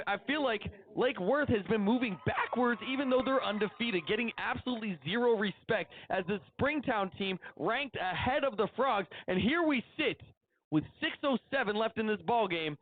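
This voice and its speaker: Man, high-pitched play-by-play announcer, chatty, excitable calls, tinny phone-like audio. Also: moderate pace. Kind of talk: high school football commentary.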